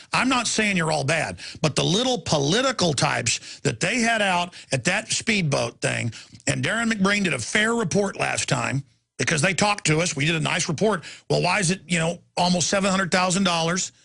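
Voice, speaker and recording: A man's voice: a little high, animated, brisk, creaky, sharp tone. A man hosting a talk show, delivering an angry, impassioned rant in a heated, emphatic way.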